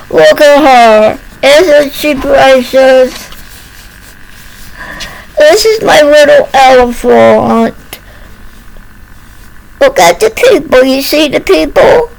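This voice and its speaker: An older woman tells a homespun tale straight to the camera, unhurried and fond. Her voice sits high and carries a gravelly edge. She croons in a sing-song baby talk. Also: a little hiss or hum, poor audio. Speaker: storyteller.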